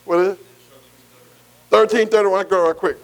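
A man's voice: sits high, fairly even intonation, moderate pace, low-quality recording. A man preaching a call-and-response sermon, asking "am I right?" again and again. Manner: repeats "am I right?" to the congregation.

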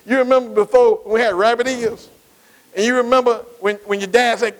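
High-voiced man preaching with call-and-response. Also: fairly even intonation, a little fast, low-quality recording. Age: middle-aged. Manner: call-and-response, asks the congregation questions; Black church preaching cadence, repeats phrases. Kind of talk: sermon.

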